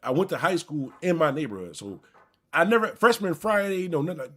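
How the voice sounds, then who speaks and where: His voice leans high and his pace is brisk. On his live stream, this man from Buffalo, New York wanders through a profane personal anecdote in a casual, animated way, speaking straight to his viewers.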